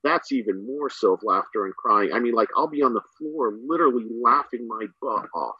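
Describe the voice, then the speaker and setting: A man's voice: medium pitch, brisk, slightly rough, no echo. Guy teacher on a podcast, rambly and upbeat, tons of likes and you knows, dry muffled sound. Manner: rambling, enthusiastic, many fillers. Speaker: guest, middle school teacher and coach. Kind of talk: casual podcast conversation.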